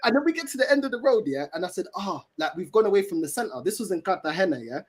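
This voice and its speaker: Animated young man, lively pitch. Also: very fast, husky. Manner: animated storyteller, laughs often, heavy slang. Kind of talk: casual chat.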